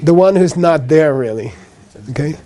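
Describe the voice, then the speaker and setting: A man lecturing a class on Buddhist ideas in a mellow, fairly high voice. He explains patiently with a light laugh now and then, says each key point more than once and checks in with "okay?" after it. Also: expressive, moderate pace. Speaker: Buddhist teacher.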